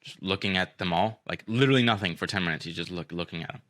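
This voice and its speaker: A man's voice: low voice, quick pace, fairly bright tone, no room sound, studio quality. A young man hosting a podcast, telling a story in a rambling, profane way, full of fillers. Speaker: podcast host. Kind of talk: casual storytelling chat.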